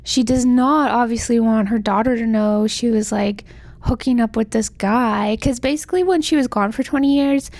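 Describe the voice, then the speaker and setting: A woman's voice: on the high side, a little mellow, no room sound. A young woman casually recapping a novel's plot, chatty and full of "like", acting out the characters' lines. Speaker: book vlogger.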